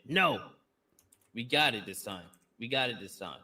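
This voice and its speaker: A man co-hosting a casual podcast, excitable and teasing, often laughing. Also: mid-range voice, measured pace. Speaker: podcast co-host. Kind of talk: casual chat.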